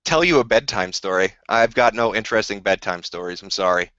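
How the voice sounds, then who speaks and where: With a voice on the low side that is bright, forceful, clear and resonant, this man talks fairly quickly on a casual live stream. He answers viewer questions in a rambling, profane, combative rant, recorded dull, lo-fi and dry with no echo.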